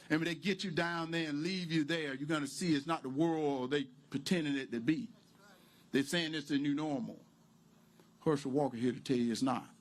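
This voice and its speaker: Man, campaign rally speech, preacher-like cadence, higher voice, outdoors. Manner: preacher-like, building to shouts. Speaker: political candidate.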